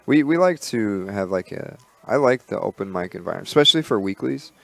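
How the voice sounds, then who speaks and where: A man co-hosting a podcast in casual chat, relaxed and rambling, with many fillers and restarts. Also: fairly low pitch, fairly quick, vocal fry. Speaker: podcast co-host.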